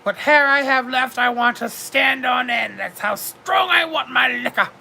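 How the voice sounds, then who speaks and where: A gushing, boozy duchess, as a woman puts her on, with a put-on British accent and a high, sparkling voice. She speaks slowly and grandly and calls everyone darling as she reads the chat of a comedic livestream. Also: creaky, sharp tone, shouting, slight background noise, heavily acted. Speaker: livestream host in character.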